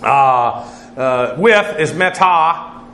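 A man's voice: mid-range voice, expressive, very slow, sharp tone, echoey room, slight background noise. A man teaching a Bible class as its pastor, working through Greek words methodically, spelling them out letter by letter, with many "uh" fillers. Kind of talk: verse-by-verse Greek word study.

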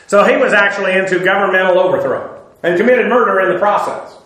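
A man's voice: high-pitched, quick pace, a bit bright. A man preaching a conversational Bible-teaching sermon, informal, with filler "uh"s and dry sarcastic asides. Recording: very echoey room.

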